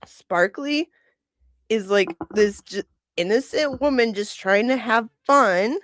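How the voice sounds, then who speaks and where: A woman's voice: on the high side, takes it slowly, fairly bright tone, dry recording, clean studio sound. A woman hosting a livestream, chatting casually in a gossipy way and laughing often. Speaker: livestream host.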